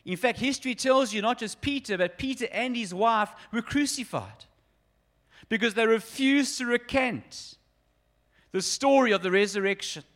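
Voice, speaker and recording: A man's voice: very high-pitched, lively intonation, normal speed, fairly bright tone. A man in his forties preaching an earnest, emphatic sermon and speaking directly to his congregation. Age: 40s. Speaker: pastor.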